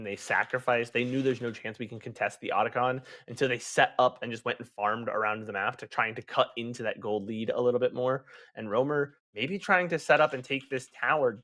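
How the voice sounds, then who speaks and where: A man's voice: medium pitch, bright, forceful tone. A man giving colour commentary on an esports match, breaking down the game in a casual, chatty way with many restarts. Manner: casual, analytical, with fillers and restarts.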